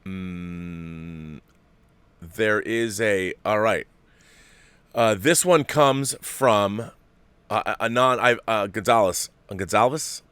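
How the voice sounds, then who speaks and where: A man's voice: fairly low pitch, slow pace, a bit bright, smooth, no echo. Guy in his 40s hosting a stream, rambles and corrects himself a lot, dry close mic. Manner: rambling, self-correcting, reads letters aloud. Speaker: host. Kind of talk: casual livestream talk, reading viewer letters.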